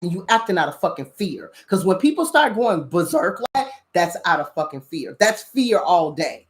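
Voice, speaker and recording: A woman's voice: on the low side, sing-song, moderate pace. A woman hosting a spiritual talk show, preaching bluntly with lots of profanity and repeated "you understand?" questions. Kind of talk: casual spiritual commentary.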